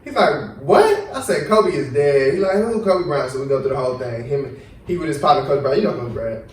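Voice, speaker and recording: Young male podcast host, casual and animated, acts out quotes; recorded off-mic in a roomy echo. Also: mid-range voice, fairly quick, recorded from a distance, slight background noise. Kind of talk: casual chat. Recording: echoey room, voice a bit off-mic.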